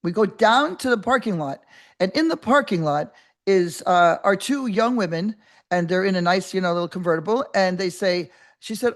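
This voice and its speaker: An older woman hosting a podcast, telling a story in a rambling, animated way with many restarts and acted-out voices. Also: medium pitch, normal speed. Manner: animated, acts out quoted voices. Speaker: podcast host. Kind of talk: casual storytelling monologue.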